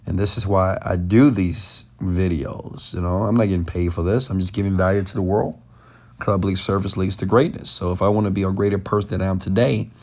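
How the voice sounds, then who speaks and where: A deep, darkish, steady male voice moves briskly through a late-night live Q&A stream. The host, an entrepreneur and mentor lying in bed at home, talks loosely and off the cuff, rambling passionately and often getting loud.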